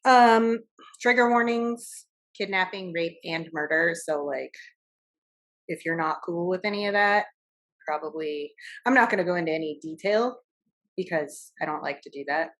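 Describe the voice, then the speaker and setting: A young woman talks casually as a podcast co-host, chatty and loose, with lots of fillers and easy laughter. Her voice sits a little low for a woman. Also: normal speed. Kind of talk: casual chat.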